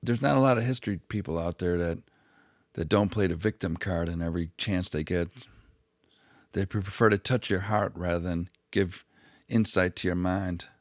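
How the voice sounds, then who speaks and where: A man's voice: deep voice, moderate pace, no room sound, studio quality. A man hosting a history channel, rambling through profane, mocking comedic commentary full of asides and restarts.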